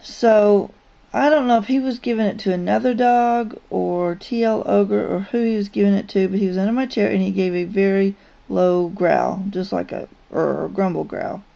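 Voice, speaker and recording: Gravelly, mellow-voiced woman vlogger. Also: medium pitch, steady tone, moderate pace. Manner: rambling, hesitant, with frequent ums and restarts. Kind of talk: casual spoken storytelling. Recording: dull lo-fi recording.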